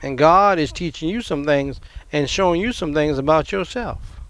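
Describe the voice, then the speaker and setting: A man's voice: fairly high pitch, normal speed, a bit bright, clean tone. An older man, a pastor, preaching a sermon in a conversational way, repeating phrases and adding asides.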